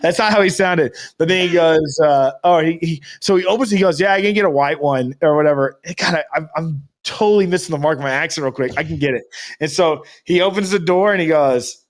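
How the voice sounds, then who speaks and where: A man's voice: fairly high pitch, a little fast. A man co-hosting a podcast, rambling through a casual story with loose swearing. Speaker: podcast co-host. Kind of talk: casual chat.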